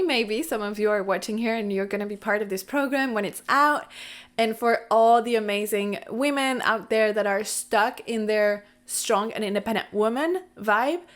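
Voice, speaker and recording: A woman's voice: mid-range voice, a bit bright. A woman vlogger whose first language is not English, talking to camera in a candid, rambling, casual way and swearing now and then. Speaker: lifestyle and spirituality vlogger.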